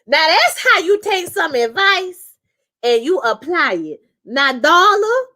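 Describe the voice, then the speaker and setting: A woman hosting a casual live review chat, animated and profane, acting out quotes in character voices. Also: very high-pitched, slow pace. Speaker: show reviewer.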